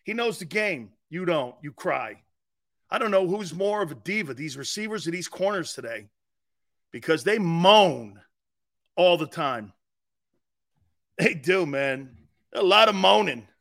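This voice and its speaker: A man's voice: high-pitched, animated, unhurried, creaky, pauses often, fairly bright tone. A man hosting a live football talk show, blunt and mocking. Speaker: sports talk show host. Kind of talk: live sports radio talk.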